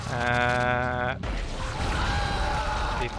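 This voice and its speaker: A man hosting a casual let's-play from home, excitable, jumpy and heavily profane. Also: mid-range voice, very slow, very noisy. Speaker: gaming channel host.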